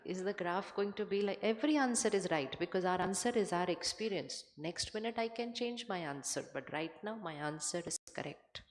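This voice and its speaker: A woman giving a spiritual talk to a live audience, measured and conversational, often putting questions to the listeners. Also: mid-range voice. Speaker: spiritual speaker. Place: large hall with an audience. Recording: hall reverb from a stage mic.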